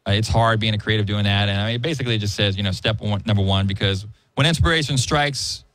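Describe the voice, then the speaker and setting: A man hosting a podcast in casual chat, telling stories animatedly and slipping into high-pitched impressions. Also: fast, fairly bright tone, dry recording. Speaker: podcast host.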